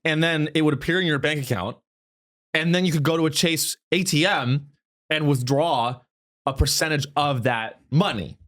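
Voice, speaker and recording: A man's voice: fairly high pitch, normal speed, a bit bright. A man hosting a comedy podcast, rambling and profane, often breaking into mocking impressions. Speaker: podcast host. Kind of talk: casual comedic podcast chat.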